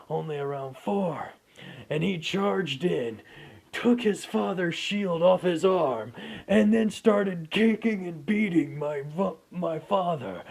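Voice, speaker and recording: A man's voice: fairly high pitch, gravelly, darkish tone, full character voice. A man voicing a cheerful young male warrior who tells an old family story with amusement.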